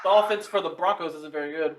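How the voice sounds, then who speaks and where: Male co-host, higher voice, clipped and matter-of-fact, noisy line. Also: fast talker. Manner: short, matter-of-fact remarks. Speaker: podcast co-host. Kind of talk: casual sports chat.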